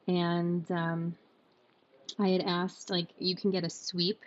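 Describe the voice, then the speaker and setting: Young woman host, lively storyteller, slightly dull lo-fi sound. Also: fairly low pitch, slow. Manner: animated storyteller, acts out quotes. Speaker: podcast co-host. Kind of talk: casual storytelling chat.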